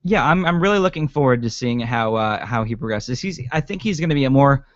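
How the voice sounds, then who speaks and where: A man's voice: mid-range voice, animated, brisk, no room sound. A man co-hosting a casual podcast chat about a TV episode, rambling with lots of ums and swearing. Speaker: podcast co-host. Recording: dry, dull lo-fi sound.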